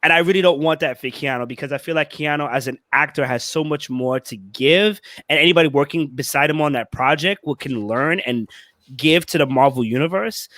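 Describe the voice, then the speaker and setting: A man's voice: a little high, fairly quick, fairly bright tone, dry recording. A man sharing his opinions as a panelist in a casual podcast chat, talking straight to the group.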